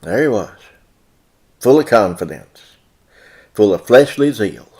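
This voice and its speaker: A man preaching a sermon in a church, who often rises sharply in pitch and loudness. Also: very animated, takes it slowly. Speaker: pastor.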